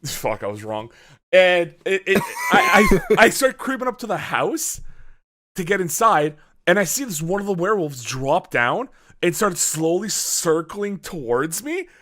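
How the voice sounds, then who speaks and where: A man chatting on a podcast, telling a story in an animated way and acting out his own reactions, with a lot of swearing. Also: sits high, unhurried. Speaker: podcast host. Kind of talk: casual podcast chat.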